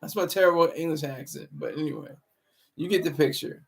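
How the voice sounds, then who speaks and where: A man's voice: a little high, brisk, creaky. A man hosting a live stream, rambling and moralizing in casual commentary, often restarting his words. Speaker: livestream commentary host.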